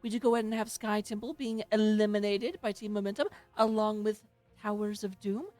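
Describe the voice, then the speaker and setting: A woman's voice: mid-range voice, fairly even intonation, brisk, a little mellow, faint music behind. Playful woman casting an esports match. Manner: playful, goofy and self-mocking. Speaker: esports tournament caster. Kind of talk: live-streamed esports casting. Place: home streaming setup. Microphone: headset.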